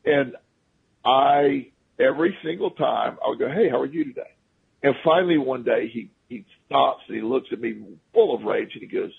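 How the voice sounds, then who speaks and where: Husky man telling stories over a phone line. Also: medium pitch, lively intonation, normal speed. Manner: rambling, restarts often, chuckles at his own stories. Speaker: guest. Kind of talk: casual storytelling on a talk radio show. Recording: phone-line radio call.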